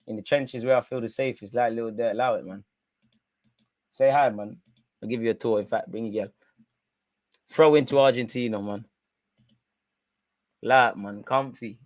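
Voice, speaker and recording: A man's voice: mid-range voice, dry recording. Young guy on a watch-along stream, slangy, chatty, talks to chat, dry close mic. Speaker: live stream host. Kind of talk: casual football watch-along commentary.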